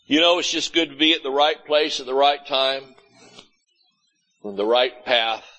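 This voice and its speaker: A man's voice: mid-range voice, measured pace, sharp tone, rough recording. A man preaching a sermon as pastor, folksy and blunt, often mimicking complaining churchgoers. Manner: folksy, blunt preaching with mocking quoted voices. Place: church sanctuary.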